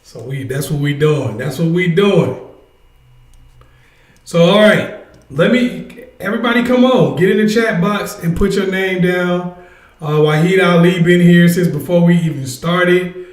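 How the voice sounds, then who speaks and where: A man's voice: sits high, a little slow, roomy sound. A man hosting a casual livestream, energetically urging his viewers to join in. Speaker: livestream host. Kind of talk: casual live chat with viewers.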